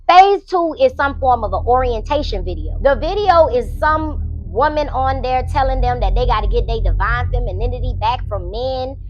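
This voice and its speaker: A woman casually recapping a novel, animated and profane, full of slang. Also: a little high, normal speed, few pauses, dull audio. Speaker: book reviewer.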